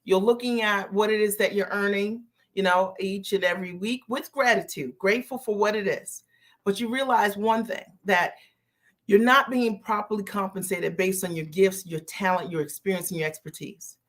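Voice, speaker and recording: An enthusiastic woman coaching on a live stream, with a mid-range voice. She welcomes viewers by name and repeats her main points slowly so they land. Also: medium pitch. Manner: repeats key phrases slowly for emphasis.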